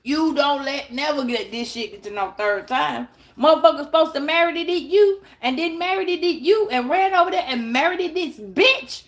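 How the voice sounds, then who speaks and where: A high-voiced woman talks straight into her phone. She gives tarot advice bluntly and with plenty of swearing. She keeps breaking into acted-out little scenes. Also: normal speed, few pauses. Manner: blunt, profane, animated, acts out little scenes. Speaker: tarot reader. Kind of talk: casual advice monologue.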